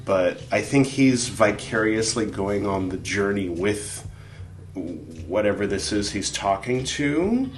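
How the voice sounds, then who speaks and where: A man's voice: lowish voice, animated, slow pace. A man, the show's editor, chatting casually and working through his notes in a thoughtful, hesitant way. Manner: thoughtful, hesitant, with many fillers. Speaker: show editor and co-host. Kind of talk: casual chat, going over notes. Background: faint background music.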